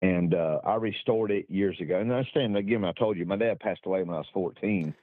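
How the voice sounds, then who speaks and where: A man's voice: low-pitched, quick pace, no echo. A middle-aged man telling a long racing story, rambling, salty and self-mocking, often laughing at himself. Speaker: guest telling racing stories. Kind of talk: casual storytelling. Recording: dry, thin phone-like line.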